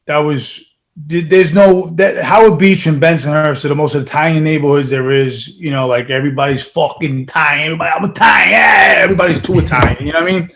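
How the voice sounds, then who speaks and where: This New York man is a guest musician in a casual interview, telling stories at a quick clip in a voice on the high side. He's an animated, profane storyteller who swears often.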